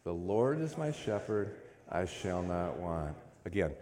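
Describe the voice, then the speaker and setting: A man's voice: low voice, expressive, moderate pace, a crowd in the background. A man preaching a sermon to a congregation, fervent, repeating phrases and calling out to the room. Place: church service.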